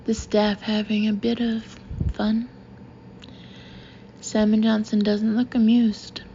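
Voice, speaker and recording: A woman narrating a novel in the first person, with an even, confiding storytelling manner. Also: medium pitch, slow pace, dull audio, a little hiss or hum. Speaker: audiobook narrator.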